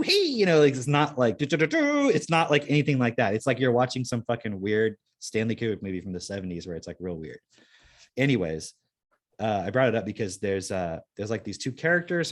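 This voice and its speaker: A man hosting a podcast in casual chat, rambling and laid-back, with lots of "like" and free swearing. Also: on the low side. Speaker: podcast host.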